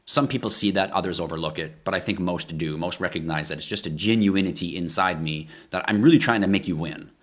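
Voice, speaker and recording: A man's voice: low-pitched, a little fast, hardly any pauses, fairly bright tone. A man hosting a crypto livestream, ranting passionately with rhetorical questions and frequent swearing. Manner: rhetorical questions, pleading with viewers. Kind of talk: casual livestream talk.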